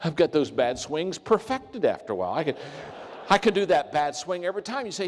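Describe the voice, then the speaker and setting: Animated older man telling jokes in a hall. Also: a little high, fast talker. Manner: storytelling, animated, jokey asides. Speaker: motivational speaker. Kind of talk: humorous speech to a live audience. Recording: long reverb of a large hall.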